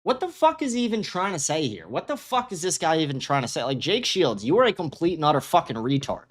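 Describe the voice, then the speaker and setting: A man's voice: fairly high pitch, very animated, fast. Ranting, profane male show host. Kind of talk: reactive commentary livestream.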